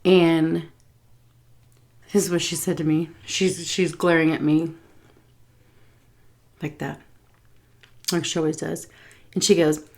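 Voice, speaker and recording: A woman from Texas telling a story time while she eats, chatty and animated, quoting dialogue with soft asides about her food. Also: on the low side, measured pace, long pauses. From Texas, USA. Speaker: food vlogger.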